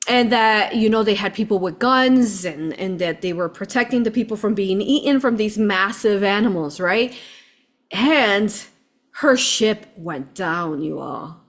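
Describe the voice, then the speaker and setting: A woman vlogger telling a travel story in an excited, chatty way, often laughing and calling her viewers "you all". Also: medium pitch, unhurried. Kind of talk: animated storytelling vlog.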